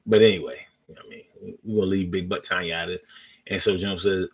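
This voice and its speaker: A man hosting a casual, profane storytelling monologue in loose conversational talk, with pauses as he searches for words. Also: low-pitched, fairly even intonation, husky.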